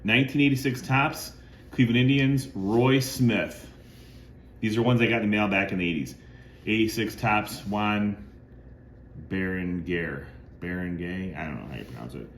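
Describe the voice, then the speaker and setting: A man's voice: fairly low pitch, animated, moderate pace. A middle-aged man who collects cards, hosting a casual show-and-tell video. He reads items off one by one in a plain, conversational way. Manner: lists items plainly, bursts into loud woohoo cheers. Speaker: card collector and channel host. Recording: echoey room with faint ambient noise.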